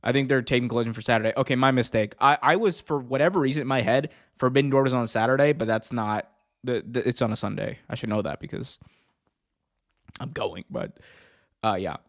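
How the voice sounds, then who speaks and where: A man's voice: mid-range voice, a little fast. A man hosting a casual wrestling news podcast, rambling, joking and correcting himself as he goes. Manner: rambling, self-correcting, jokey. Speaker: podcast host.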